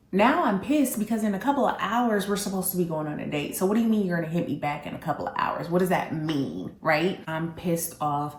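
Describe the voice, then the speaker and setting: A woman's voice: deep voice, reverberant. A woman candidly telling her dating stories in a sassy, humorous way, talking straight to her viewers. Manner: animated, sassy, humorous, addresses viewers directly. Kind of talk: candid storytelling.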